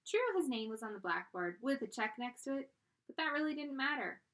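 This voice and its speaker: Lively, bright-voiced woman reading aloud. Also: a little high, a little fast. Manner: expressive, animated. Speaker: storyteller. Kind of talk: children's book read-aloud.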